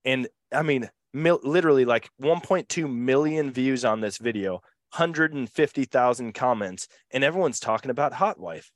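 A man's voice: medium pitch, normal speed, hardly any pauses, no room sound. A man hosting a podcast, chatting casually with slangy, laid-back banter. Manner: laid-back, slangy, says "dude" a lot. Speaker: podcast host. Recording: dry close sound.

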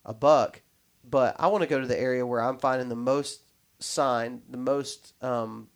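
A man's voice: medium pitch, steady tone, a little slow. A man in casual podcast chat, talking in loose, rambling sentences full of restarts and fillers.

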